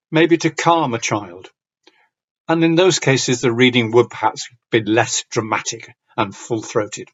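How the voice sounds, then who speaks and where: A man from Yorkshire with a Yorkshire accent, giving a conference talk on reading aloud with clear diction and a slight storytelling lilt. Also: mid-range voice, muffled recording. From Yorkshire, northern England. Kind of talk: lecture with read-aloud examples.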